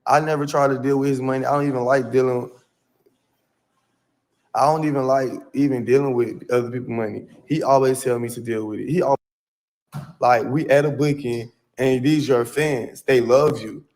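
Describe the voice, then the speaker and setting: A man of ordinary pitch rambles through a personal story on a livestream. He talks in loose slang and circles back over the same points. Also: fairly even intonation, normal speed, darkish tone. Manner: rambling, slangy, repeats himself.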